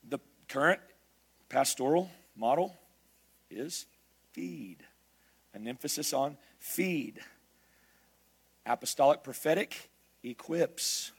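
A man preaching a sermon, emphatic, building his lists up to shouts. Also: a little high, husky.

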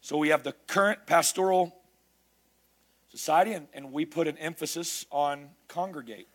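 A man preaching a sermon, emphatic, building his lists up to shouts. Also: on the high side, moderate pace, slightly rough.

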